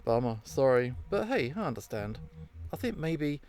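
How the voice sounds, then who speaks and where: A man's voice: mid-range voice, big pitch swings, normal speed, a little mellow. A man voicing a laid-back jock ghost who talks in breezy slang, over faint game music. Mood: upbeat. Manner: surfer-style slang, breezy.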